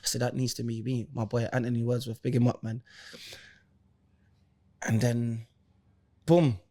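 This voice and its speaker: A man's voice: mid-range voice, unhurried. A man from East London with an East London accent, a guest on a podcast telling his stories with heavy slang and acting out the people in them. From East London, England. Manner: animated storyteller, heavy London slang, acts out quoted voices. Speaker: interview guest, former footballer and rapper. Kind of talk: casual podcast storytelling.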